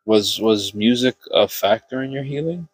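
A man hosting a podcast, speaking calmly in casual conversation with short affirmations and follow-up questions. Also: medium pitch, moderate pace, husky, no room sound. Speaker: podcast host.

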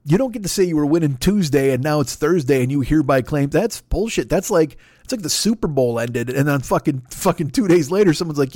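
A man hosting a podcast, ranting in a loud, profane, mocking way and acting out other people's voices. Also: fairly high pitch, expressive, a little fast, hardly any pauses, no echo, clean studio sound. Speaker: podcast host. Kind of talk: profane political rant.

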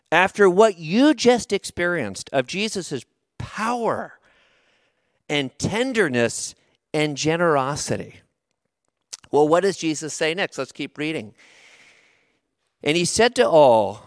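Expressive man preaching a sermon. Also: a little high, slow, pauses often, no room sound, studio quality. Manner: storytelling with rhetorical questions and humor. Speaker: pastor.

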